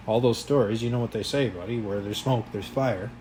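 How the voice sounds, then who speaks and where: A man voicing a warm, hopeful middle-aged father who talks gently and chokes up a little, in an audiobook reading. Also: mid-range voice, brisk, noisy background, lightly acted. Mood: gentle. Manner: gentle, eager, choking up.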